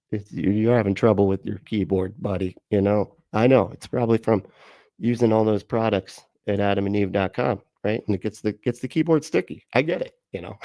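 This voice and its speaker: Gravelly, sarcastic livestream host man. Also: fairly low pitch, a little mellow, no room sound, clean studio sound. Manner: mocking, sarcastic, swears and laughs often. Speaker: livestream host reacting to a video. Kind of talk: casual livestream commentary.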